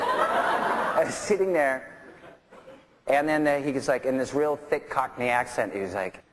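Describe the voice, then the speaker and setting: A man's voice: medium pitch, a little fast, heavy background noise. A male musician telling a rambling anecdote, laughing as he goes. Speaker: musician guest. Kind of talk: casual anecdote.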